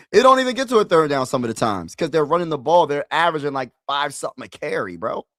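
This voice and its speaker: A man giving excitable, slangy live play-by-play and reaction on his stream, his voice rising when he calls big plays. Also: fairly high pitch, fast, no echo, studio quality. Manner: excitable, slangy, talks to viewers as "bro"; rises loudly when calling big plays. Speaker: sports streamer.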